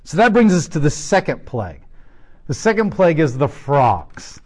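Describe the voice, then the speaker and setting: A man teaching through a Bible passage, animated, with joking asides and rhetorical questions. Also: on the high side, normal speed. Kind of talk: sermon.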